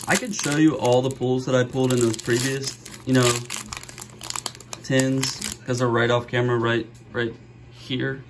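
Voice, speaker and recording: A middle-aged man hosting a card-opening video, chatting casually and joking, with sudden gasps and bursts of excitement. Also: medium pitch, unhurried, background noise. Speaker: card-opening channel host. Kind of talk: casual pack-opening commentary.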